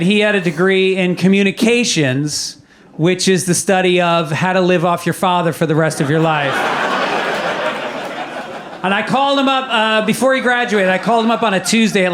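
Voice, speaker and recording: A man's voice: high-pitched, moderate pace, fairly bright tone, slight background noise. A middle-aged man doing stand-up, telling exasperated stories as a father. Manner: exasperated dad storytelling, rising outbursts. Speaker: stand-up comedian. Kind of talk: stand-up routine.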